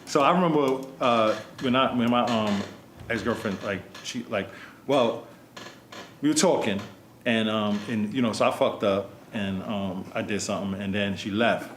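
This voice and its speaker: A man's voice: on the low side, moderate pace, a bit bright, echoey room, a little hiss or hum. A man hosting a casual podcast, telling stories animatedly and swearing freely. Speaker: podcast host. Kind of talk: casual storytelling chat.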